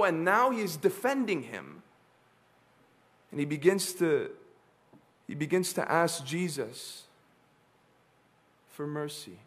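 A man preaching a sermon in an emphatic manner, with dramatic pauses and repetition. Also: fairly high pitch.

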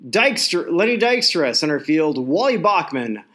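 A man's voice: fairly high pitch, big pitch swings, unhurried, fairly bright tone. A man co-hosting a sports podcast, rambling and joking with many restarts. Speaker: podcast co-host. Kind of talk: casual sports chat.

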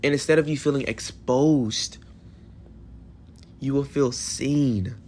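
A man in his twenties hosting a solo podcast in a hotel room, talking in an emotional, affirming way with animated bursts. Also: medium pitch, slow pace, a little hiss or hum. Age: 20s. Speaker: podcast host.

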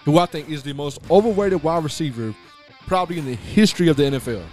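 A man's voice: fairly high pitch, quick pace, a little mellow, faint music behind. A man hosting a sports talk radio show, blunt and opinionated, leaning on filler phrases as he rants.

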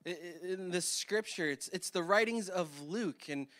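A man's voice: high-pitched, moderate pace, fairly bright tone. A man preaching a sermon as pastor in a church, often repeating words and restarting his sentences. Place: church hall.

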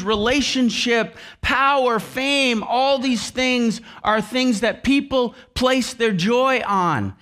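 A man's voice: extremely high pitch, fairly bright tone. A man preaching a sermon with emphasis, repeating key phrases over and over. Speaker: pastor.

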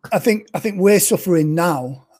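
This is a chatty, joking man hosting a relaxed show, with a mellow, warm voice that sits a little high for a man. He keeps things light and reads out what viewers write in. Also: moderate pace. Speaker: podcast host. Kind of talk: casual chat.

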